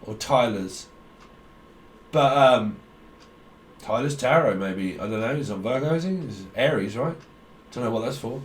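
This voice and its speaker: A man's voice: medium pitch, expressive, unhurried, long pauses. A man giving a rambling, blunt tarot reading, talking in a stream of consciousness and swearing freely. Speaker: tarot reader. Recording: echoey room, distant mic.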